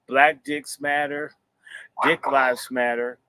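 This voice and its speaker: Blunt preacherly man with a bright voice. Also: mid-range voice, little pitch movement, very slow, smooth, dry recording. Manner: rambling, blunt and profane, sermon-like cadence. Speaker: host and minister. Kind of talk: preacherly livestream talk.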